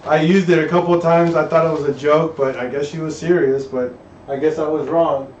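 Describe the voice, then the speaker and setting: A man's voice: a little high, steady tone, brisk, a little mellow, slight background noise. Rambling man in an echoey garage. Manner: rambling, reads chat aloud, trails off and restarts. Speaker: livestream host working on an engine. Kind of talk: casual live-stream chat while working. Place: home garage workshop. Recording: echoey garage, far from a dull mic.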